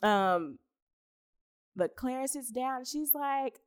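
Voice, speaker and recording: A woman's voice: high voice, lively intonation, slow, smooth. A young woman chatting casually about a film as podcast co-host, laughing often, swearing and using lots of fillers. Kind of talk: casual film review chat.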